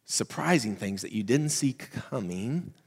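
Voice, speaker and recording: A male pastor with a Southern accent preaching in a casual, talky way. He pushes some lines out loud and drops others to a hush. The sound has a long reverb tail from a large hall. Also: mid-range voice, animated, a little slow, slightly rough. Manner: conversational preaching, swings from loud emphatic to soft hushed. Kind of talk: sermon.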